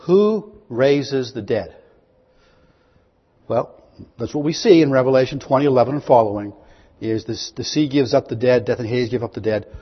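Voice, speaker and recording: A man preaching a sermon, reading scripture aloud and asking his listeners questions, rising to loud, high proclamations. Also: moderate pace, slightly rough. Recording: dull, long-echo hall recording.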